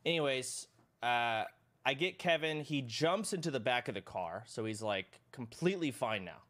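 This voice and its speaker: A man live streaming, telling his chat a rambling, profane story in a casual, animated way. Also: mid-range voice, moderate pace.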